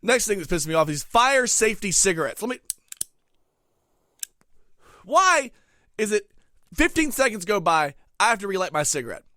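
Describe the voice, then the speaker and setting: A man hosting a comedic rant, angry and swearing, dropping to mutters and then bursting into shouts. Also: sits high, sing-song, normal speed, pauses often, dry recording, studio quality. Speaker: comedic ranting host.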